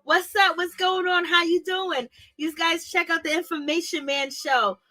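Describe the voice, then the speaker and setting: A woman recapping a reality show in casual, slangy talk, animated and gossipy, laughing often. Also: very high-pitched, moderate pace. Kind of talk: casual commentary.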